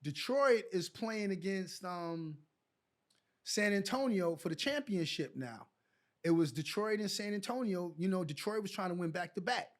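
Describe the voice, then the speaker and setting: A middle-aged man from New York, a podcast guest and former pro basketball player, telling colloquial stories with animated dialogue. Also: sits high, moderate pace. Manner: colloquial, animated storyteller who acts out dialogue. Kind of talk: casual storytelling interview.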